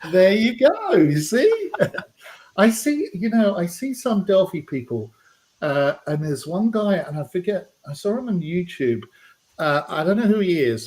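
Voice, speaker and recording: A man's voice: a little high, a little mellow. Chatty British man hosting a livestream. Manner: chatty, rambling, lots of ums and uhs. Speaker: livestream host. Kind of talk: casual live-stream chat.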